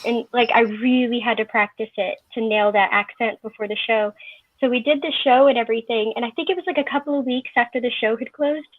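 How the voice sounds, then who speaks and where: A woman chatting casually on a panel, telling stories in a lively, talkative way. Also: on the high side, brisk, no room sound. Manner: chatty, storytelling. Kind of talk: casual chat. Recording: tinny phone-like online call audio.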